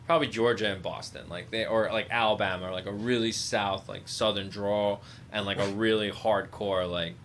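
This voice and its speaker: Bright, rambling guest from Long Island. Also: male voice, lowish voice, normal speed, few pauses, a little hiss or hum. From Long Island, New York. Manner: animated, rambling, many "like"s. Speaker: podcast guest. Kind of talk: casual chat.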